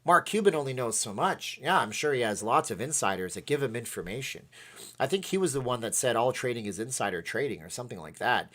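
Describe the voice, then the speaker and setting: A man hosts a casual livestream in an ordinary mid-range voice. He talks in a rambling, excitable way, jumping between points and reading out viewers' comments as he goes. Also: medium pitch, brisk. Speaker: livestream host. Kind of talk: casual chat.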